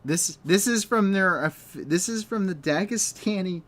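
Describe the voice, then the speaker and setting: A man's voice: high-pitched, a little slow, hardly any pauses, fairly bright tone. Rambling sarcastic man hosting a news stream. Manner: rambling and sarcastic, with many restarts and fillers. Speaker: news show host. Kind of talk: unscripted live news commentary.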